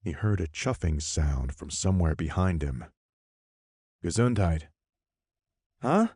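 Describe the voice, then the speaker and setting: A man reading a horror audiobook as narrator, measured and expressive. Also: extremely low pitch, breathy edge, no echo. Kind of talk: scripted narration.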